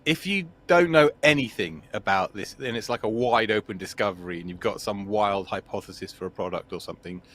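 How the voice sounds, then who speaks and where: A man's voice: lowish voice, fairly quick, few pauses, fairly bright tone. A man appearing as the regular expert guest on a casual live Q&A stream, joking and thinking aloud, hedging as he goes.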